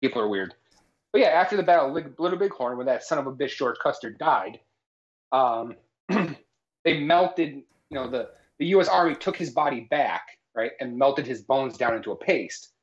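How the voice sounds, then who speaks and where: A man's voice: mid-range voice, animated, moderate pace. Mock-serious man holding forth. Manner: mock-authoritative, keeps tagging lines with "all right?". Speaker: cooking show co-host. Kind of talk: jokey live cooking stream chat. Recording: slightly dull lo-fi stream audio.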